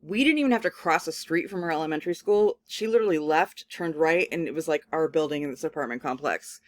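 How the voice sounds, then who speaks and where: Woman lecturer, conversational and animated, loose filler-heavy delivery, dry recording. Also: sits low, fast, dry recording. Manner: casual, animated storytelling full of "like" fillers. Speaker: communication studies professor. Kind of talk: recorded lecture with personal anecdote.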